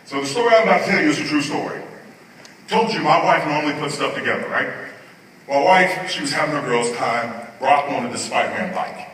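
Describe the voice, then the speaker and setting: A man giving an animated comic storytelling speech to a live audience in a large hall. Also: on the high side, a little fast, recorded from a distance, slight background noise. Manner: animated, rising to mock outrage. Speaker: conference speaker. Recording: echoey hall, speaker heard from afar.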